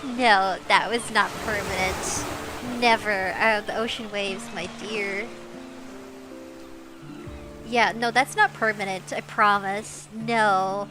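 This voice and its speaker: A woman livestreaming from home on a desk mic, chatting casually with viewers in a bubbly, giggly way, with a high, squeaky voice. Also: steady tone, slow. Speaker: VTuber livestreamer. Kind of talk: casual stream chat. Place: home streaming setup. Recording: music playing behind.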